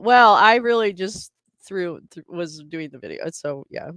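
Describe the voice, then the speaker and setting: A woman's voice: on the low side, animated, a little slow, fairly bright tone, smooth, dry recording. A woman hosting a casual livestream from home, chatting with viewers and laughing often. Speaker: livestream host.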